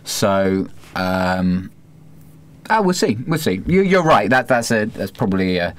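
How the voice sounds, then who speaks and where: A young man co-hosting a casual football podcast, chatting in a relaxed way and sometimes trying out accents. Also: lowish voice, measured pace. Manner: relaxed, drops in mock accents. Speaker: podcast co-host.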